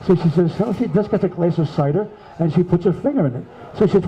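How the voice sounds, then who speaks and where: A man's voice: high voice, quick pace, hardly any pauses, dull audio, slight background noise. A man acting as guest judge, telling dirty jokes with a chuckle.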